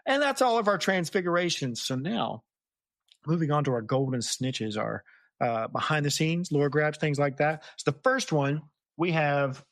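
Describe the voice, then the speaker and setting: A man's voice: a little high, normal speed, dry recording, studio quality. A young adult man hosting a podcast, chatting casually about a book and acting out the quoted lines. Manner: animated storyteller, acts out quoted lines. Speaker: podcast host. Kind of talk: casual book-discussion chat. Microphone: close podcast mic.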